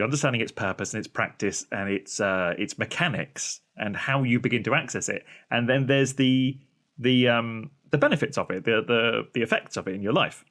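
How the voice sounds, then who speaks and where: A middle-aged British man chatting on a podcast, telling a story with lively acted-out voices. His tone is conversational and relaxed. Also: medium pitch. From Britain. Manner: animated storyteller, acts out quoted voices. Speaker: podcast co-host.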